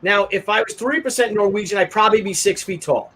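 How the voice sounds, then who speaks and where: A man's voice: high-pitched, fast, poor audio. A man hosting a casual online talk show, telling a long story with many restarts and asides. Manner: rambling, animated storytelling with frequent restarts. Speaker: show host. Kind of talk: casual chat.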